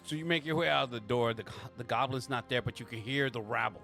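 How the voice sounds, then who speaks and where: A man's voice: mid-range voice, quick pace, vocal fry, few pauses, bright, forceful tone, soft background music. A man running a tabletop game as game master, casual and swearing, with frequent restarts.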